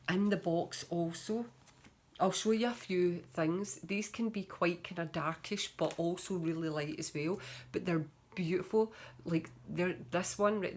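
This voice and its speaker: A woman with a slightly low-pitched voice talks chattily to her camera in a casual show-and-tell vlog. She gushes as she shows off her tarot cards, with a lot of fillers along the way. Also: darkish tone. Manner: chatty and gushing, with frequent fillers. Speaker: tarot reader.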